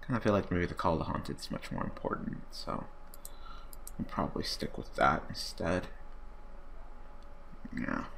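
A young man hosts his own gaming channel, casually commenting on a card game as he plays and muttering in frustration, swearing a lot when things go wrong. His low-pitched voice has vocal fry and a fairly bright tone, with a little hiss or hum in the recording.

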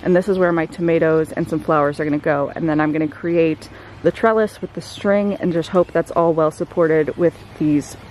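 Low-voiced woman chatting through her garden. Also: moderate pace, slight background noise. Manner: chatty, relaxed, filler-heavy. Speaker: gardening vlogger. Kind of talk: casual walk-through vlog. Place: outdoor backyard garden, windy.

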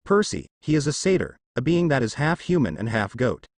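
Man reading a cocky teen boy, deadpan, dry close sound. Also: mid-range voice, fairly quick, no echo. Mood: smug. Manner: smug, deadpan. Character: cocky teenage boy ninja.

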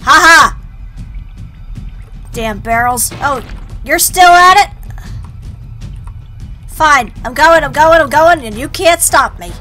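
A woman's voice: sits high, animated, slow, long pauses, bright, forceful tone. A young woman playing a video game and commenting, exasperated and swearing at it. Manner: exasperated, swears at the game, reads game text aloud. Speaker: let's play gamer. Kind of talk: let's play commentary. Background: faint game music.

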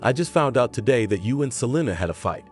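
A man voicing a lonely, gentle married man who talks quietly and plainly. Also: medium pitch, expressive, fast, soft background music, lightly acted.

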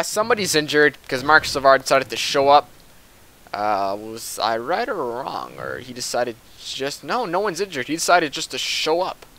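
A young man with a bright, forceful voice talks his way through a hockey video game. His commentary is casual and excitable, and he calls out to the players on screen as if they could hear him. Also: mid-range voice. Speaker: gaming commentator.

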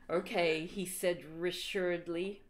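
A woman's voice: on the low side, slight background noise. A woman streamer reading fan fiction aloud on a livestream, giggling, reading melodramatically and tripping over misspelled words. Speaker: streamer host.

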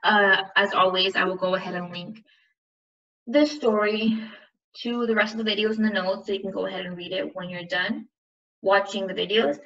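A woman teacher reads a novel aloud and then talks it over with her class in a casual, chatty way. Her voice is bright and sharp. The recording sounds distant and muffled. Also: mid-range voice, steady tone, normal speed. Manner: casual and chatty between readings.

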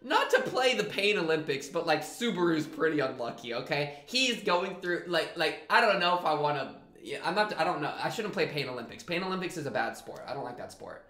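A man hosting an anime reaction channel, talking casually and rambling between jokey rants and quieter thoughts. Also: on the high side, fairly quick, few pauses, echoey room. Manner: rambling, animated and jokey, then winds down to a quieter reflective tone. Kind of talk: casual commentary to camera.

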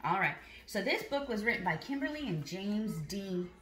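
A preschool teacher reading a picture book aloud, pausing to quiz the children and praise them. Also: female voice, medium pitch, big pitch swings, fairly bright tone, soft background music. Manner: slow, questioning, encouraging.

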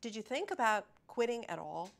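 A woman's voice: fairly high pitch, very animated, moderate pace, gravelly. A woman interviewing a guest, asking a follow-up question.

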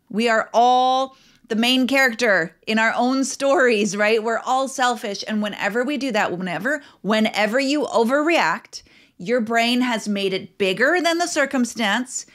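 A woman's voice: fairly high pitch, fairly bright tone. A middle-aged woman hosting a parenting podcast, talking earnestly and acting out her own racing thoughts. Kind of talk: solo podcast talk.

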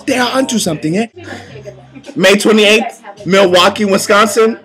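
A man announcing tour dates in a joking, hyped-up comic style, laughing and shouting catchphrases. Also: high voice, normal speed, pauses often, soft background music. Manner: hyped, joking, repeated shouted "Don't sleep!"; laughs between lines, playful slang. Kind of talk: jokey hype announcement.

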